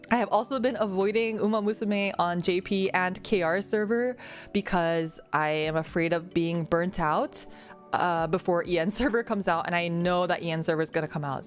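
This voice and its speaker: A woman's voice: on the low side, normal speed. Young woman vtuber chatting, giggly and rambly, faint music behind. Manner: rambling, giggly, many fillers and restarts. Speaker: VTuber streamer. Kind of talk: casual Q&A chat.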